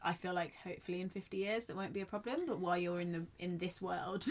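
A woman's voice: on the low side, fast talker. A young adult woman in a casual book club chat, enthusiastic and often laughing.

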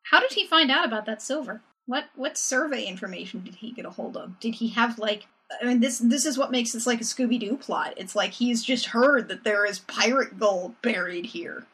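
A young woman co-hosts a casual podcast recap, telling it with wry, animated energy. Her voice sits slightly higher than most women's. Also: moderate pace, slightly rough. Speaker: podcast co-host.

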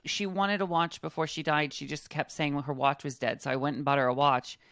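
A woman at a medium reading, talking in a halting, hesitant way with repeated words. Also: sits low, fairly even intonation, fairly bright tone, dry recording, studio quality. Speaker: guest at a reading. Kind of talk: casual chat.

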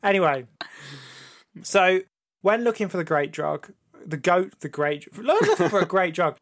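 A podcast co-host with a high-pitched voice talks at a normal speed in a casual chat. He shares his pick through animated storytelling, swearing crudely as he goes.

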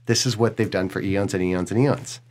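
A man's voice: sits low, steady tone, brisk, a little mellow. A middle-aged man hosting a podcast, speaking candidly and emotionally and swearing freely in casual conversation. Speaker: podcast host.

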